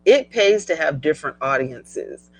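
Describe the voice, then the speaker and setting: A middle-aged woman hosting a casual live stream, chatty and animated, laughing often as she reads viewer comments. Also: low voice, measured pace, husky, no room sound, poor audio. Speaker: livestream host.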